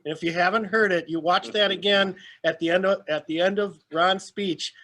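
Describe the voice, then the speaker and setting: A man's voice: sits high, fairly even intonation, moderate pace, hardly any pauses, sharp tone. A man hosting a casual panel talk, retelling stories and prompting his guest. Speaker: host.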